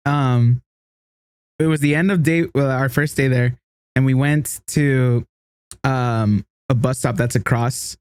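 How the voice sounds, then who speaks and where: Animated man telling a story, dry sound. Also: slow, smooth, no echo. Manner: animated storyteller, acts out quotes in a higher voice, laughs often. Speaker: podcast co-host. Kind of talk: casual chat, storytelling.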